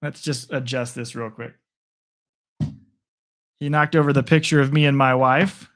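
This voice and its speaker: A streamer at home talks into a phone propped on a picture frame, calling a game's plays live and chatting with viewers in a rambling, casual way. His voice is medium-pitched and fairly bright, with a steady tone, a measured pace, and long pauses.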